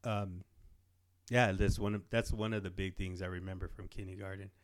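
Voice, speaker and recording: A middle-aged man, a guest in a casual chat, sharing memories in a relaxed, hesitant way with frequent fillers. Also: low-pitched, moderate pace.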